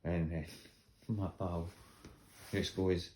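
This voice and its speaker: A man's voice: deep voice, steady tone, normal speed, a little mellow, slight background noise. A Scottish man casually telling funny stories about his dog, laughing often. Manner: laughing often, acts out voices in anecdotes. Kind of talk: casual storytelling.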